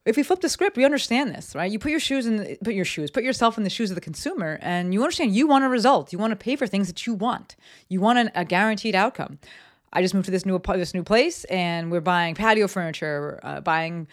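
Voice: mid-range voice, animated, fairly quick. A podcast host from New Jersey talks through a casual solo business episode from a home office, chatty and candid, with lots of ums and likes. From East Coast US, New Jersey.

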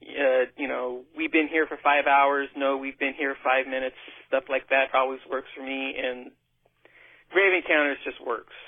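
A man calling in to a podcast, sharing film picks in a hesitant way with many pauses. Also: mid-range voice, level tone, no echo. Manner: hesitant, many ums and uhs. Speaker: caller. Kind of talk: casual recommendations by phone. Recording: tinny phone line.

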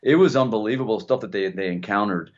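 A man in casual chat, telling an animated story with many restarts and repeated words. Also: fairly low pitch, quick pace. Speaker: co-host. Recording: dull lo-fi sound.

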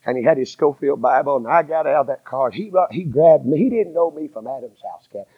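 A middle-aged man with a Southern American accent preaching a storytelling sermon in a church, folksy and repetitive, swinging between hushed asides and loud emphasis. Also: medium pitch, expressive, brisk, slightly rough, dry recording, phone-quality sound. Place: church sanctuary.

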